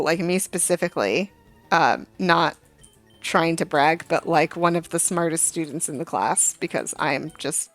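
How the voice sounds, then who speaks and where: Faint game music plays behind a young adult woman who streams a game and rambles through a casual story full of fillers and side comments. She speaks a little slowly in a lowish voice, with no echo.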